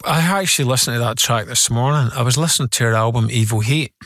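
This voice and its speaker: A man's voice: mid-range voice, fast, fairly bright tone, no room sound. Guest musician, male, mid-range voice, chatty and rambling with lots of fillers, dry recording. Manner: rambling storytelling with many fillers. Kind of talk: casual interview anecdotes.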